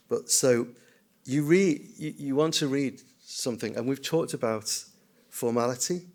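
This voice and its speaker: An older man, a screenwriter and children's writer, giving an anecdotal, self-deprecating conference talk and mimicking voices. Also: medium pitch. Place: conference hall.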